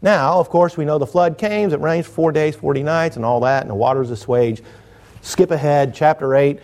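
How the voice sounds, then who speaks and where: A middle-aged man preaching a sermon in a folksy, joking way, swinging between loud emphatic lines and quiet asides. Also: fairly high pitch, normal speed.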